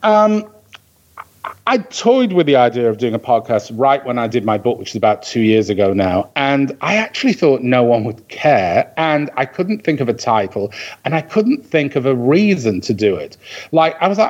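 A man's voice: medium pitch, sing-song, normal speed, darkish tone, muffled recording. A man from the Manchester area with a northern English accent, a podcast guest chatting in a theatrical way. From England (Manchester area). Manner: theatrical, mimics accents when quoting. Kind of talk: casual interview chat.

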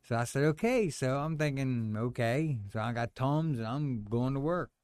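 A middle-aged man telling a personal story in casual chat, animated and acting out the voices of others. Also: mid-range voice, moderate pace, clear, resonant tone, no echo, studio quality. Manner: animated storyteller, acts out quoted voices, says "man" a lot.

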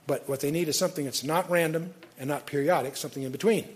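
Older man, bible teacher, husky voice, rambling lecture, restarts mid-sentence. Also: fairly high pitch, fast talker. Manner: conversational, digressive, frequent restarts and fillers.

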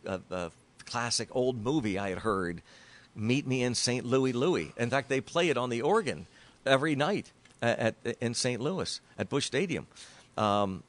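A middle-aged man, a baseball broadcaster, telling stories as a guest in an interview, animated and stumbling over repeated words when excited. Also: mid-range voice. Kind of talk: storytelling interview.

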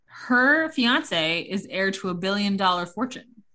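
Animated, bright-voiced woman gossiping. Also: mid-range voice, unhurried. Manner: animated, swears freely, mimics people. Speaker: podcast co-host. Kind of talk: casual gossip chat.

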